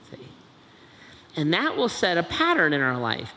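A man giving a sermon in a large hall, playful and animated, acting out family scenes for the congregation. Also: a little high, moderate pace. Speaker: preacher. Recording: echoey hall.

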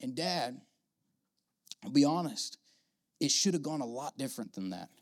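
A man preaching a sermon in a casual, animated way, acting out the voices of the people in the story. His voice sits at an ordinary pitch. The sound is dry and close, with little room echo. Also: fairly quick. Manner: conversational, animated, acts out quoted characters. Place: church auditorium with audience.

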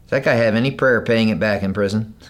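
A man preaching a sermon, moving between loud, emphatic lines and hushed, low delivery, and acting out the voices in the story he reads. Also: a little fast. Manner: acts out the parable's characters in raised voices. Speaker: pastor.

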